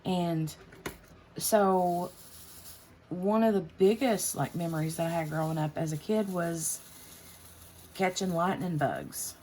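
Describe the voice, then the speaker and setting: A woman's voice: fairly low pitch, slow pace, long pauses, warm tone, a little hiss or hum. A woman, chatting casually on her craft channel while she works, rambling with lots of fillers and restarts. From United States.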